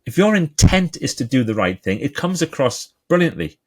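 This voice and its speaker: A man's voice: mid-range voice, normal speed. A man with a Geordie accent, a guest author talking in an interview and acting out the people in his stories. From England. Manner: animated storyteller, acts out quoted voices. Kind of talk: conversational interview.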